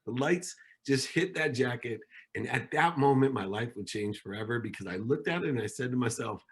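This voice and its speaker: A middle-aged man, a podcast guest, telling his life story with animated quoted voices. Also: mid-range voice, fairly quick, husky.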